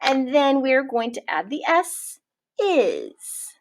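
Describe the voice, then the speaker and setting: Lively, high-voiced kindergarten teacher woman. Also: slight background noise. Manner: warm, encouraging, slow-spelling teacher talk. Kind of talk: early-years writing lesson.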